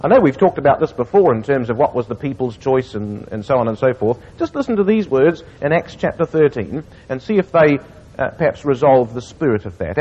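A man preaching a sermon to a congregation, reading scripture slowly with earnest emphasis. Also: medium pitch, darkish tone, slightly rough. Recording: muffled recording in a reverberant hall.

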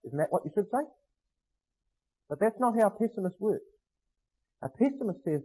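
A man preaching a sermon, emphatic, slowing to stress phrases and asking rhetorical questions. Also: high voice, big pitch swings, dark tone, slightly rough, low-quality recording.

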